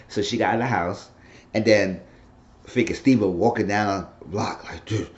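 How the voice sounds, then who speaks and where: Lively, low-voiced vlogger. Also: male voice, normal speed. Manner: animated, profane, acts out scenes. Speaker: vlogger reviewing a TV episode. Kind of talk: casual recap monologue. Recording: dull lo-fi with faint noise.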